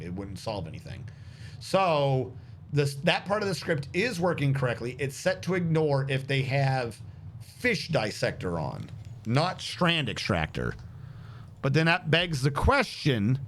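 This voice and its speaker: A man's voice: a little high, fairly bright tone. A man streaming a game, thinking aloud on a headset as he troubleshoots. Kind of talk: casual gameplay commentary.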